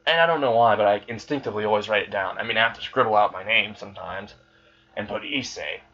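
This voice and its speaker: A man voicing an arrogant young male demon who is tired of his fans, speaking with casual sarcasm and quiet menace. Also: fairly low pitch, fast talker, dull audio. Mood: smug.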